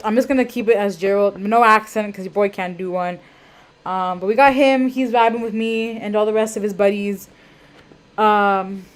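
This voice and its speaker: A young woman hosting an art auction live stream at home, chatting casually with lots of ums and self-deprecating tangents. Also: mid-range voice. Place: home room. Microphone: webcam.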